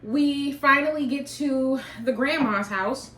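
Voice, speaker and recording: A woman's voice: high-pitched, unhurried, a bit bright, far from the mic. Chatty woman telling a story in an echoey room. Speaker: vlogger. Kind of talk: casual storytime while eating.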